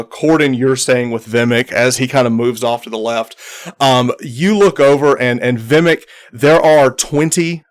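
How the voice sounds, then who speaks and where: Man, game master, mid pitch, loose and halting narration full of ums.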